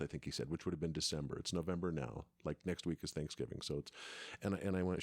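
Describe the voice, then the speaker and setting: A man's voice: a bass voice, fast talker, a little mellow, breathy edge, dry recording, clean studio sound. A middle-aged man telling a long story in casual chat, rambling and restarting his sentences often. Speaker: podcast co-host, father.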